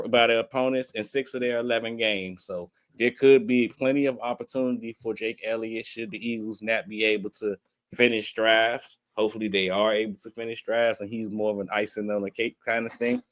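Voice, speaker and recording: A man's voice: mid-range voice, a bit bright, no echo. A man co-hosting a sports podcast, talking casually with slang, laid back and teasing. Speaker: podcast co-host.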